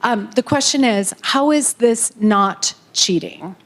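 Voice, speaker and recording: A woman's voice: fairly high pitch, slow. A woman moderating a public Q&A, politely collecting note cards and reading audience questions aloud. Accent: American Midwestern. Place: community center meeting room.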